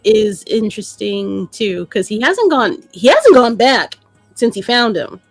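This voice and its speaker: A woman's voice: medium pitch, sing-song, a little slow, no room sound, soft background music. A woman co-hosting a casual comic review podcast, playful and giggly as she gives her critiques. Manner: playful, giggly, food metaphors. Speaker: podcast co-host.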